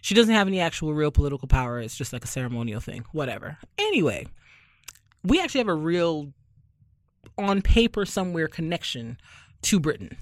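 A young man from Barbados hosts a podcast in loose, casual chat. He rambles and keeps a sardonic edge, padding his thoughts with ums and likes. His voice sits on the higher side for a man, and the recording is dry and close. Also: big pitch swings, fairly quick, dry recording. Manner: sardonic, rambling, heavy on fillers. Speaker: podcast host.

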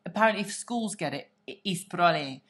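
A woman's voice: on the low side, expressive, a little fast. A woman co-hosting a podcast, chatting casually in a gossipy, theatrical way and swearing freely. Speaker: podcast co-host. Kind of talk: casual chat.

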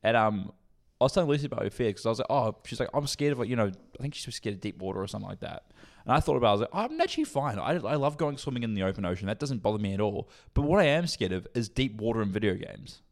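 A man's voice: lowish voice, animated, racing. A man, co-hosting a podcast in crude, rambling casual chat. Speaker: podcast co-host.

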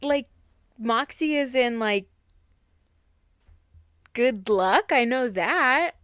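A woman's voice: a little high, expressive, extremely slow, a bit bright, smooth, no room sound, studio quality. A woman in casual chat, playful and giggly, jumping from topic to topic.

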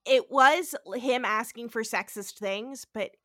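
A woman co-hosts a podcast in loose, casual chat. Her voice is bright and fairly high, and the sound is dry and close to the mic. She swears freely and slips into little acted-out quotes. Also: a little slow, no room sound. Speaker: podcast co-host.

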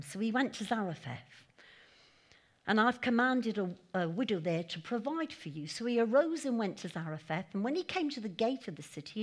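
A woman giving a conversational sermon at a church meeting, with chatty asides and acted-out quotes. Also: medium pitch. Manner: chatty, animated, laughing asides, acting out quotes. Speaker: preacher.

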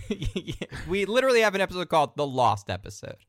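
A young man co-hosts a podcast and keeps jumping in with teasing remarks. His voice moves up and down a lot and has a gravelly edge. It is recorded close and dry. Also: sits high, very animated, no room sound. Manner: teasing, quick interjections. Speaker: podcast co-host. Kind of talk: casual banter.

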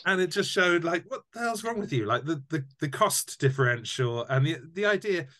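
A man in casual conversation, telling animated anecdotes and often repeating words as he restarts a sentence. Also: fairly high pitch, moderate pace. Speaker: guest, tour company founder. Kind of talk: casual storytelling chat.

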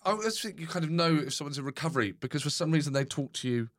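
A man, a comedian, chatting casually and telling animated stories on a podcast. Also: on the high side, racing. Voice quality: speaks quietly unless projecting. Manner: animated storyteller, bursts into loud shouted impressions. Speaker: comedian guest. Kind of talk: casual chat, storytelling.

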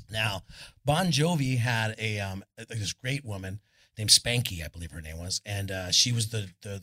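A man's voice: medium pitch, pushed and bright, husky. A man guest telling loose, profane road stories on a live stage, talking into a stage microphone. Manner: loose, profane anecdotes with lots of "I'm all". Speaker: guest musician. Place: arts club stage, indoors.

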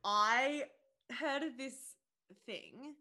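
A woman, co-hosting a podcast in casual chat, expressive and quick to giggle. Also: high-pitched. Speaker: podcast co-host.

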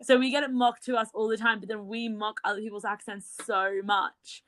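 A young woman with an Australian accent softened by a British twang, co-hosting a podcast in giggly, casual chat full of "like". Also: mid-range voice, level tone, a little fast. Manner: chatty, giggly, lots of "like". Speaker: podcast co-host.

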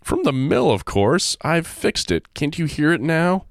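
A man's voice: a little high, very animated, a little slow, creaky, dry recording, clean studio sound, voice pushed up, full character voice. A man voicing an offhand male mill worker in a storybook tale, with a breezy, dismissive manner.

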